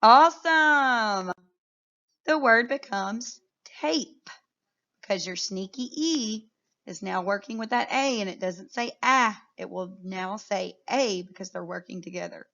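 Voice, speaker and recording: A woman teaching a phonics lesson to young children, sounding out words clearly and praising often. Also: medium pitch, measured pace, a bit bright, dull audio.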